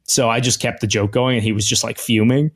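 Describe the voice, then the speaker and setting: A man's voice: mid-range voice, brisk. A man co-hosting a comedy podcast, telling anecdotes in casual chat and acting out the people in them. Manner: animated storyteller, acts out quoted voices. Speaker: podcast co-host.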